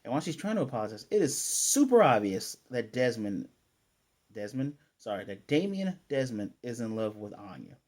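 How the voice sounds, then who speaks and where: A man at a middling pitch talks through an anime episode in a relaxed, chatty recap. His voice is warm and dark in tone. He corrects himself often and drops in playful asides along the way. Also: normal speed. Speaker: anime reviewer.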